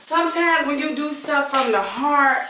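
A woman in her fifties with a Chicago accent chats effusively to camera as a vlogger, calling her viewers y'all. Her voice sits high at a normal speed, and she's recorded off-mic from a distance in an echoey room with background noise.

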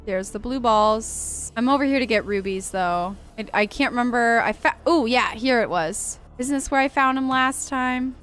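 A young woman gives lively gaming commentary to her viewers, excitable and quick to swear and shriek. Her voice is bright and fairly high, and her pitch swings widely from low mutters to sharp cries. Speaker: gaming streamer. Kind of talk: live game commentary.

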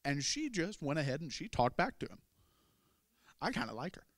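A man's voice: a little high, very animated, normal speed, fairly bright tone, no echo. A man preaching a sermon, telling a Bible story in a folksy way with humorous asides. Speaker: pastor.

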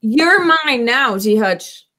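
A woman's voice: on the high side, animated, takes it slowly, sharp tone. A woman guesting on a whiskey livestream, cracking crude, playful jokes. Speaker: whiskey YouTube co-host, guest. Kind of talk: casual livestream chat.

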